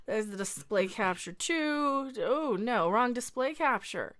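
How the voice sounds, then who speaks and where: A woman's voice: fairly high pitch, expressive, takes it slowly, a bit bright. A woman hosting a casual livestream, chatty and laughing often as she tells stories. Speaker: livestream host.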